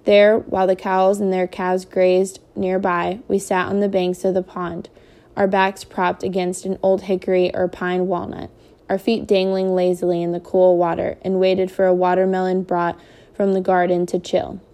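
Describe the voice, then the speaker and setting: A woman reading a novel aloud at a calm, measured pace, then explaining the chapter. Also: lowish voice. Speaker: reader.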